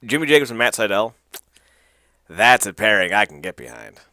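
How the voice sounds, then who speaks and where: A man's voice: fairly low pitch, animated, moderate pace, sharp tone, dry recording, clean studio sound. A man hosting a podcast, recapping wrestling in a loose, profane way with lots of fillers and laughs. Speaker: podcast host.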